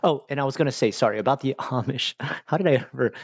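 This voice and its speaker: A man's voice: medium pitch, quick pace, slightly rough, dry recording, lo-fi sound. A man from Pennsylvania hosting a casual livestream, rambling and chatting while he eats. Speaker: livestream host.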